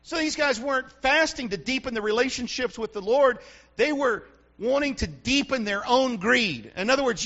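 High bright preacher, emphatic. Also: male voice, animated, normal speed, muffled recording. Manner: emphatic, repetitive preaching with rhetorical questions. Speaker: pastor. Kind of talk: sermon.

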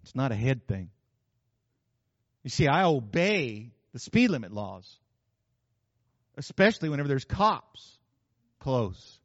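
A man's voice: medium pitch, very animated, slow, pauses often, dry recording, lo-fi sound. A man preaching a sermon in a folksy, joking way. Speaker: pastor.

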